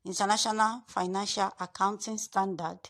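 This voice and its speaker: A woman tutor giving a screen-share lesson, repeating herself and stressing key words slowly. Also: mid-range voice, steady tone, a bit bright.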